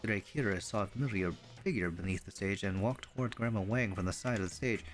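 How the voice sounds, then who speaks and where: A man streaming a game, reading its narration aloud with relaxed, playful asides. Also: lowish voice, fairly quick, hardly any pauses, soft background music.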